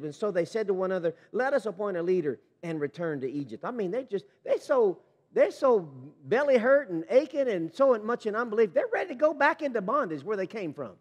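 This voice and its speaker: A man preaching a sermon as pastor, reading scripture and commenting with animated emphasis. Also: high-pitched, fairly quick, long reverb tail. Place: church sanctuary.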